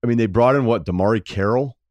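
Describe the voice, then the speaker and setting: Guest, man, low voice, rapid and animated, dry studio sound. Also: dry recording. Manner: rapid, animated storytelling with lots of fillers. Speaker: podcast guest. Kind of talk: casual sports chat.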